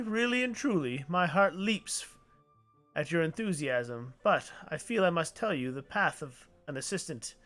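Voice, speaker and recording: A man's voice: fairly high pitch, fairly bright tone. A man doing a grand, fussy old inventor. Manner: formal, flowery old-fashioned speech.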